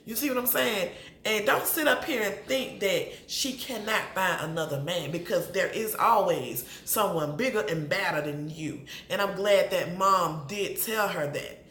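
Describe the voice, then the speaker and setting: A woman's voice: medium pitch, normal speed. A woman, chatting casually to camera as she reviews a reality show and talks straight to its people. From Atlanta. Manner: chatty, animated, addresses people on the show directly. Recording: roomy echo, faint background noise.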